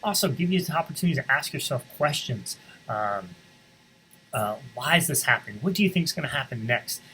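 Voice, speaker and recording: This rough recording carries a faint hiss or hum behind a medium-pitched man reading a picture book to schoolchildren. He's the morning-announcements reader, giving the story an expressive telling and pausing to explain parts to the students.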